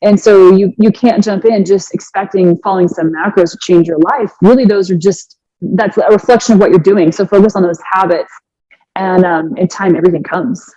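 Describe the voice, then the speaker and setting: An earnest woman in her forties tells her story as a fitness coach, animated and full of restarts. Her voice sits in the middle range. The recording is close and dry, with a slightly dull, muffled tone. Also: mid-range voice, a little fast, dry recording. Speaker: fitness coach and podcast guest. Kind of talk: emotional personal storytelling.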